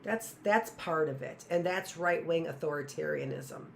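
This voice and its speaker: A woman's voice: low-pitched, moderate pace, creaky, slight background noise. A woman teacher giving a live online class, thinking aloud with side quips and short laughs.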